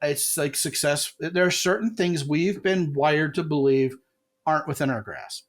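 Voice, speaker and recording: A middle-aged man hosting a podcast as a comedy coach, telling stories in a lively way and jumping his pitch for quoted voices. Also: normal speed. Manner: animated storyteller, jumps pitch for quoted voices. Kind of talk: casual podcast chat.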